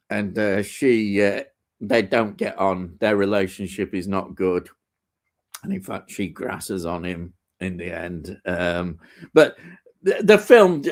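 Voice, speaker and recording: A man rambles happily through a casual film chat on his live stream. His pitch swings up and down a lot as he gets carried away. He keeps starting over and filling gaps with ums. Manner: rambling, enthusiastic, with fillers and restarts.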